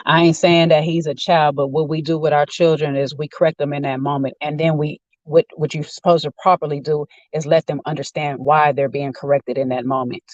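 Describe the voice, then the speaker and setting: A man's voice: on the high side, flat delivery, fairly quick, few pauses, no echo, highs cut off. A man giving a rambling, opinionated casual rant while sitting in a car. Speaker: vlogger. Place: inside a car.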